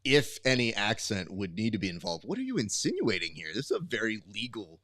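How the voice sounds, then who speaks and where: A man co-hosting a casual podcast, joking and throwing in quick asides. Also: on the low side, sing-song, a bit bright, dry recording. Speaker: podcast co-host.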